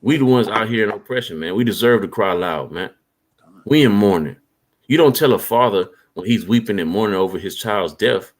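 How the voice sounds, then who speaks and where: A lower-voiced man preaching in a casual street style. He reads scripture verses slowly and fills the gaps with questions like "right?" to his listeners. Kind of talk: preaching and reading scripture aloud.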